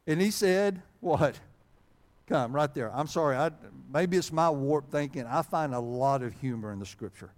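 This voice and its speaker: A man's voice: on the high side, animated, normal speed. A male pastor preaching a sermon with humor, in a conversational way, often reading old-style scripture wording aloud. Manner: conversational, frequent fillers and restarts.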